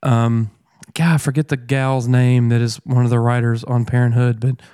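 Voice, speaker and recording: Rambling male interview host, smooth voice. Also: mid-range voice, flat delivery, dark tone, dry recording, studio quality. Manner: rambling, hesitant, many "uh" and "um" pauses. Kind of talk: casual interview chat.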